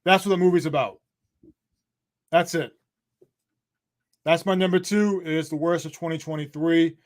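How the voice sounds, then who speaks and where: A man reviewing films on a live online panel, blunt and profane, pausing often as he talks over a video call. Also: on the high side. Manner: blunt and profane, with halting pauses.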